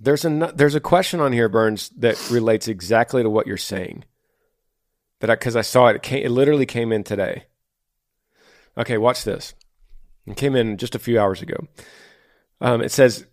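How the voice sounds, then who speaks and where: A man's voice: medium pitch, normal speed, long pauses, no room sound, studio quality. Earnest man hosting a faith podcast. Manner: earnest, storytelling, reads listener messages aloud. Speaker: podcast host. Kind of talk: faith-based podcast chat.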